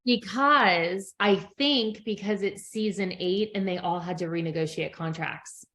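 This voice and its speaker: A woman's voice: mid-range voice, a little slow, a bit bright. Chatty middle-aged woman podcast co-host. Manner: chatty storyteller acting out quotes, laughs often. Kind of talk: casual chat recapping a reality show.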